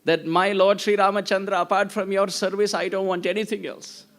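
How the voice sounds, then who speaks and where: A man's voice: high-pitched, level tone, a little fast, a bit bright. A man giving a devotional lecture, telling stories with acted-out voices and chanting Sanskrit verses. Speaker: preacher.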